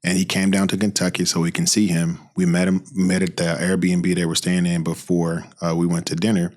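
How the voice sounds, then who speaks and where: A middle-aged man hosting a podcast, talking in a sympathetic, relaxed conversational way and sharing his own family story. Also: low-pitched, brisk. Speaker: podcast host. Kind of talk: conversational interview.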